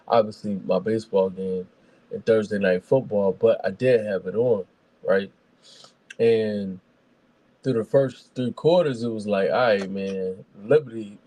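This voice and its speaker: A man co-hosting a sports stream, talking in a relaxed, rambling way and keeping his volume low. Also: dry recording. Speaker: co-host. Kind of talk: casual sports talk.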